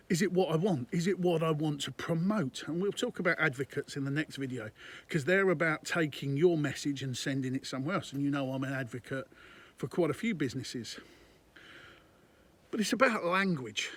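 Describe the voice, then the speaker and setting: Consultant guy talking business to camera, a bit raspy and on the higher side, keeps hammering his points home. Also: a bit bright. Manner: conversational and emphatic, repeating points. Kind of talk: direct-to-camera business advice talk.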